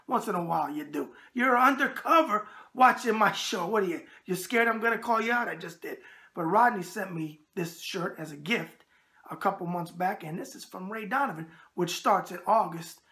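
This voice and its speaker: A man's voice: sits high, a little fast, sharp tone. A brash man with a New York accent, hosting a boxing show and answering viewer emails with catchphrases and wisecracks.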